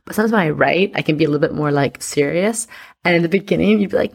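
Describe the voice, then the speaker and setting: A woman's voice: fairly low pitch, quick pace, gravelly. A woman chatting casually and playfully with many fillers as an astrologer reading her business partner's chart. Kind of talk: casual chat.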